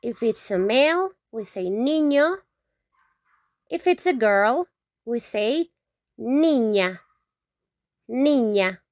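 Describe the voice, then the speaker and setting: A woman from Mexico teaching vocabulary, saying each word slowly several times and checking in with "okay?". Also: fairly high pitch, expressive, no echo, clean studio sound. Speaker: Spanish teacher. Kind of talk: slow, repetitive vocabulary lesson.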